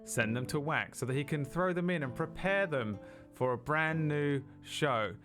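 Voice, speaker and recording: A man's voice: on the high side, lively intonation, moderate pace, a bit bright, faint music behind. A man running a tabletop game, signing off a livestream in loose, joking chat. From outside America. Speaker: game master.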